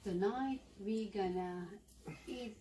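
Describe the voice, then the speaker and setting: A woman's voice: medium pitch, takes it slowly, mellow, slight background noise, poor audio. A woman with a Filipino accent co-hosting a food show, speaking in short, simple phrases. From Philippines. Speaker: mukbang co-host. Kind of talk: casual food chat.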